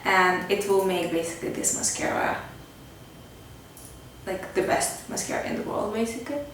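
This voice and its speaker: Here a female beauty vlogger talks at a moderate pace, her medium-pitched voice fairly bright in tone. She keeps things casual during the makeup tutorial, sprinkling in lots of "like" and "kinda." Faint background noise, heavy room echo, and a far-off mic color the recording.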